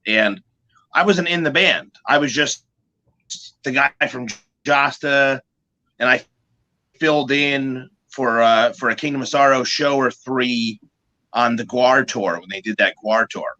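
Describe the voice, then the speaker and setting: A man, a guest musician, telling stories in a casual, animated way, swearing freely and restarting his sentences. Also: medium pitch, measured pace, lo-fi sound. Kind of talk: casual storytelling.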